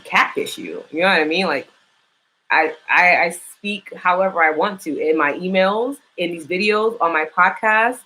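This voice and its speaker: Young new york woman chatting live, loud swoops up and down, blunt and swears a lot. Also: rough recording. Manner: animated, frank and profane, big swoops up in pitch. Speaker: podcast host. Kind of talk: casual live-stream chat.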